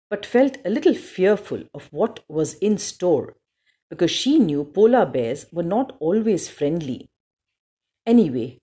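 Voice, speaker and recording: A woman narrating a children's storybook aloud, expressive, with small slips now and then. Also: sits low, slightly rough.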